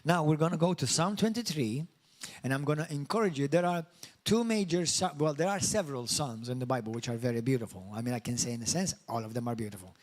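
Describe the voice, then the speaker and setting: A man's voice: medium pitch, quick pace. A middle-aged man from Malta preaching a sermon and praying, fervent, often repeating praise words and leading his congregation in call-and-response. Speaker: pastor. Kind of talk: sermon with prayer.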